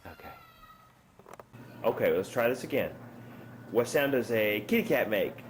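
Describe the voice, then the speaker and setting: A man's voice: mid-range voice, sing-song, moderate pace, noisy background. A father at home patiently coaxing his toddler through animal sounds, playful and repetitive. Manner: patient, playful, repeats questions.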